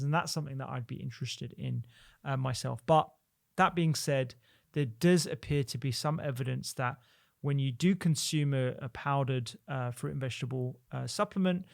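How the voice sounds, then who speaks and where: Gravelly guy explaining research solo, steady, trips over words now and then. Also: mid-range voice. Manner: measured, stumbles over repeated words. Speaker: doctor and podcast host.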